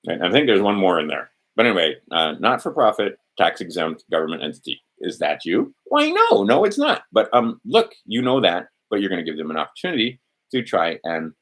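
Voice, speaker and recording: A man with a fairly low voice gives a loose, rambling lesson, his pitch leaping up and down as he talks. He thinks aloud, trails off and restarts mid-sentence. He acts out little quoted exchanges in a raised, animated tone. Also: fairly quick. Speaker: host of an instructional video. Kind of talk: rambling informal instruction.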